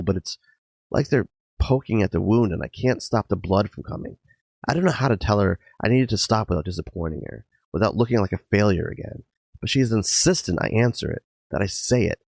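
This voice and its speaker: A man hosting a podcast, narrating a personal story in a dramatic first-person style, intense and emotional with sudden loud outbursts. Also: fairly low pitch, gravelly, slightly rough, no echo. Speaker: podcast host. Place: garage.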